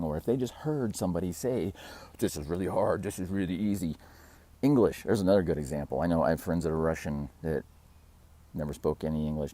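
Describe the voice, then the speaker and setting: With a rumbling low voice that's warm and slightly breathy, a man hosts his own fitness channel. He talks casually to camera in a rambling vlog, laughing at himself and acting out quotes.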